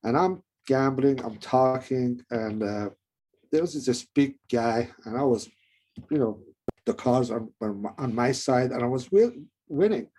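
A middle-aged man with a non-native English accent, telling his own story in a rambling, halting way with many restarts. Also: medium pitch, lively intonation, warm tone. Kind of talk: personal testimony.

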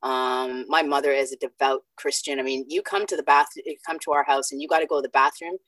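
A woman with a strikingly deep, low voice speaks in a personal share at a recovery meeting. She is blunt and self-mocking, with frank profanity. The sound is dry and close, over a video call. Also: steady tone, fast, fairly bright tone, dry recording, rough recording. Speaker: recovery meeting member sharing.

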